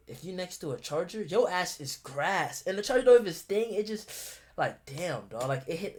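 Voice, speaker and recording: A man's voice: on the high side, a little mellow. A young man talking casually and bluntly as a streamer reacting to a video, profane and rambling, full of restarts.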